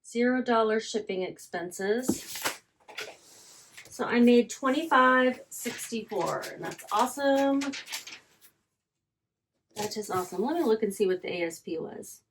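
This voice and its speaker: Woman reseller vlogger, slightly high voice, slow and chatty, some faint hiss and clicks behind. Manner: chatty, thinking aloud, trailing off and repeating herself. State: yawning, hiccuping. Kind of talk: casual chatty vlog while packing orders.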